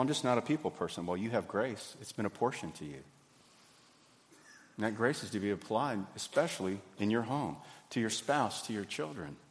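A man, preaching a sermon in a folksy, animated way. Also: lowish voice. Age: 50s. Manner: folksy, animated, acts out little scenes. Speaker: pastor. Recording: hall reverb.

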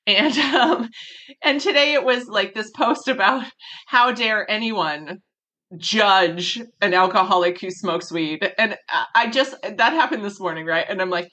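A woman hosting a podcast in casual chat, candid and animated, swearing freely and laughing often. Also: mid-range voice, a little slow. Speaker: podcast host.

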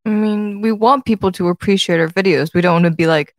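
A young woman co-host with an American-leaning non-native accent, chatting in a lively, playful way. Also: medium pitch, quick pace, hardly any pauses, no echo, clean studio sound. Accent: American-leaning non-native English. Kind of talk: casual chat.

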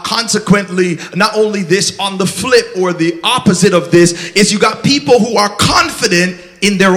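A man's voice: high-pitched, fairly bright tone. A man preaching a sermon in a church, fervent and call-and-response, often breaking into song.

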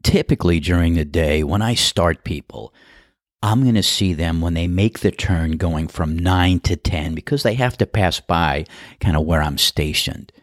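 A middle-aged man hosts a podcast and tells stories in a relaxed, chatty, amused way. His voice is very low. It is recorded on a close mic in a dry, dead space. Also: normal speed, dry recording. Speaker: podcast host and golf course starter. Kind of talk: storytelling monologue.

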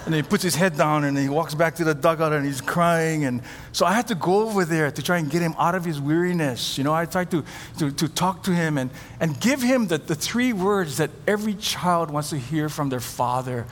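A middle-aged male pastor preaches, slipping into the voices of the people in his stories. His voice sits a little high, and it rings out with the long reverb of a large hall over faint background ambience. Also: brisk, hardly any pauses, slight background noise. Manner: animated storytelling, acts out quoted voices. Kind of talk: sermon.

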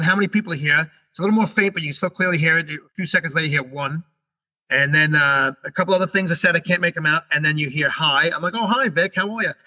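A middle-aged man, a guest on an interview show, telling a story in a rushed, animated way and often restarting his sentences. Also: on the high side. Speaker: guest, comedian and paranormal investigator. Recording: dull lo-fi recording.

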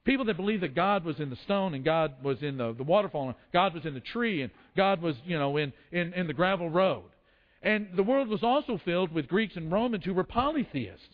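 A man's voice: sits high, lively intonation, brisk. A man preaching a sermon, telling the story with acted quotes and frequent restarts. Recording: dull lo-fi sound in a long-reverb hall.

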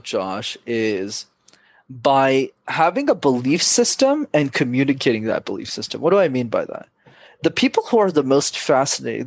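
A young man, a public speaking coach, giving energetic, emphatic advice as a podcast guest. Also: medium pitch.

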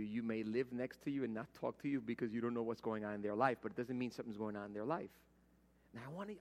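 A middle-aged man preaching a conversational sermon as pastor, telling everyday stories and acting out the voices he quotes. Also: medium pitch. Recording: long hall reverb.

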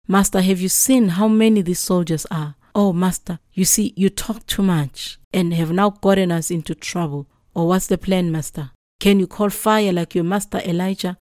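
A woman's voice: lowish voice, a little mellow, no echo, clean studio sound, close to an everyday voice. A woman voicing a panicked male servant who pleads anxiously with his master.

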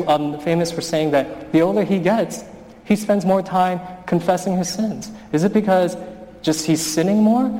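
A man's voice: on the high side, dark tone. A male pastor preaching a sermon in a conversational, storytelling manner. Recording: long hall reverb.

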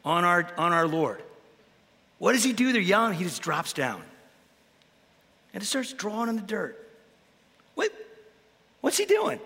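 Man, pastor, bright forceful tone, animated storyteller, long hall reverb. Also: high voice, moderate pace. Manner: animated storyteller, rises into preaching. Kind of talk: conversational faith talk with storytelling.

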